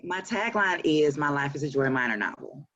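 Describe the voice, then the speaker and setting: A woman's voice: sits low, expressive, normal speed, fairly bright tone, dry recording, dull audio. A woman in her forties with a Southern US accent, an author talking about her work in a casual interview, chatty and laughing often. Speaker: author and publisher.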